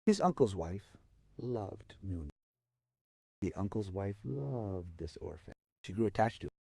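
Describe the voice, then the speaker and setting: A man telling a folk tale aloud, moving expressively between soft and emphatic delivery. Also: sits low, big pitch swings, unhurried, vocal fry, husky, dry recording. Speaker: storyteller. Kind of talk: dramatic oral storytelling.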